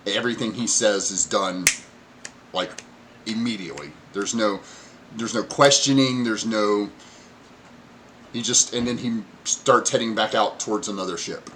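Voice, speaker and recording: A man's voice: fairly low pitch, unhurried, a bit bright, a little hiss or hum. A man narrating a tabletop game as game master, rambling with plenty of fillers.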